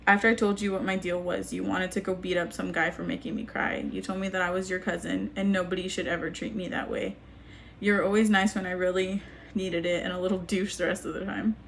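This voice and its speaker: A young woman reading a personal letter aloud to camera, halting and grieving, with frequent restarts. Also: fairly low pitch, little pitch movement, creaky, slight background noise. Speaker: vlogger.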